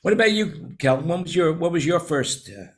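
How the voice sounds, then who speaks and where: A man's voice: on the high side, animated, moderate pace. Rambling New York man telling stories. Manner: rambling storyteller with many restarts. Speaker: show host. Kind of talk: casual roundtable chat.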